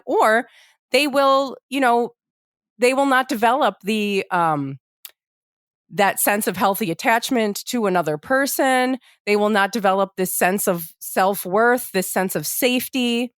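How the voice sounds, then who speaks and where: A woman's voice: a little high, dry recording, clean studio sound. A woman co-hosting a podcast, explaining things earnestly and emphatically in casual chat. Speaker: podcast co-host.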